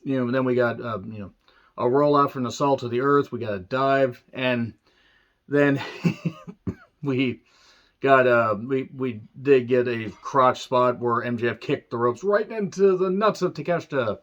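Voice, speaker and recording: A tired man recapping a wrestling show in a casual solo review, rambling with fillers, wry asides and frequent throat-clearing. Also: mid-range voice, measured pace, fairly bright tone, lo-fi sound.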